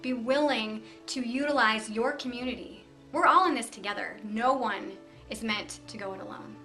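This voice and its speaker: A middle-aged woman hosting a motivational video series, talking to camera with lively encouragement, numbered steps and little stories. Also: on the high side, normal speed, soft background music. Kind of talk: upbeat motivational talk to camera.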